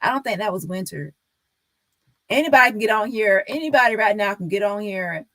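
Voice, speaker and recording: A woman's voice: mid-range voice, expressive, a little fast, bright, forceful tone, no room sound. A woman on a live stream talking casually and insistently to her viewers, repeating her points.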